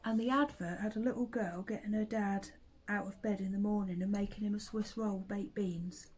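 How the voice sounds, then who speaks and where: This vlogger and mom, middle-aged, chats casually about her family, breaking into frequent laughter and occasionally lowering her voice to a whisper. She speaks at a moderate pace with fairly even intonation, her mid-range voice darkish and slightly rough, captured on a low-quality recording.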